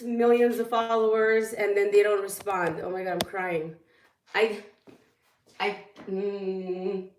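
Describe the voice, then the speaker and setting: Woman, fitness coach, tearful, rambling, a bit high, distant from the mic. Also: slight background noise. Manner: rambling, tearful, quick bursts with laughs. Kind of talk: emotional casual talk to followers. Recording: echoey room, voice off-mic.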